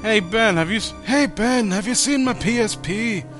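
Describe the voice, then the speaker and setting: A man's voice: sits high, moderate pace, a bit bright, soft background music, pitched above the performer's own voice. A man doing a whiny, petulant young killer.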